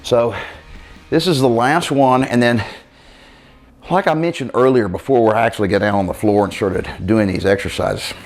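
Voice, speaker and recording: A man coaching an abs workout, counting reps out loud as he exercises and talking out of breath. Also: medium pitch, normal speed. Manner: counting reps aloud while exercising, casual. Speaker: fitness coach. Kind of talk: workout demonstration.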